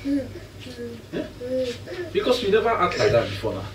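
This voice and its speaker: A man's voice: high voice, wildly swooping pitch, normal speed, echoey room, recorded from a distance, noisy background. Insistent Nigerian man accusing his wife. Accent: Nigerian, speaking Nigerian Pidgin. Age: young adult. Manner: accusing, insistent, repeating questions. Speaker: husband pranking his wife. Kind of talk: prank vlog confrontation.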